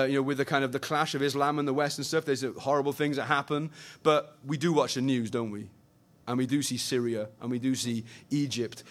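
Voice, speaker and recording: A young man preaching a sermon, animated and conversational, swinging between loud emphasis and quiet earnestness. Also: medium pitch.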